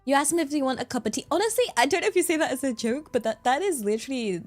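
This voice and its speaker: A woman's voice: high voice, lively intonation, very fast, soft background music. A young woman streaming from her desk microphone, chatting casually in a rambling way and laughing often. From England. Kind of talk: casual chat.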